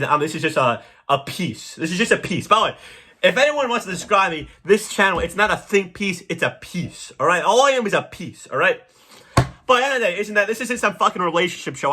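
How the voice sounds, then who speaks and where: A young man hosting a podcast, delivering a crude, rambling comedic monologue with sudden loud jumps. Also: on the high side. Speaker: podcast host.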